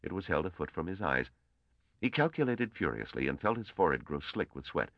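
A man narrating an audiobook in a measured, expressive storytelling manner. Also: deep voice, no room sound, highs cut off. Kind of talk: scripted narration.

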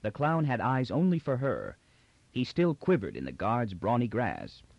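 A man reading a novel aloud with an expressive, theatrical delivery. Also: medium pitch, normal speed, vocal fry, no room sound. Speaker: audiobook narrator. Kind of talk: scripted narration. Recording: dull dry audiobook recording.

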